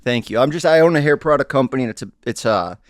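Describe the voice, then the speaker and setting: A man's voice: medium pitch, expressive, fast, dry recording. A man hosting a podcast in casual chat, joking and rambling with mock-tough banter. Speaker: podcast host.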